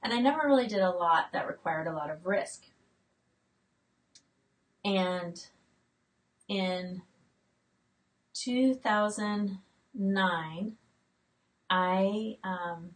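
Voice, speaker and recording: A woman's voice: mid-range voice, drawn-out words, long pauses, distant mic, rough recording. A woman in her late forties hosting a casual live-stream chat from her homestead, reading out viewer comments with plenty of fillers and restarts. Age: late 40s. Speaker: homestead channel host.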